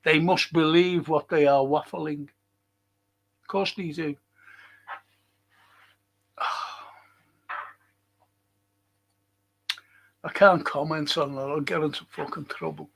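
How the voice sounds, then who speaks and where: A man hosts a casual livestream, reading viewer comments aloud and reacting in a blunt, sweary rant. His voice is gravelly and sits a little high for a man. He talks slowly, taking his time over every point. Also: fairly even intonation, fairly bright tone, rough recording. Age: older.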